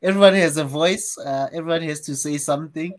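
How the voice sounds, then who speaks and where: A man from South Africa on a podcast panel, explaining things slowly and at length with many fillers. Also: on the high side. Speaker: podcast host. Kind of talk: casual panel chat.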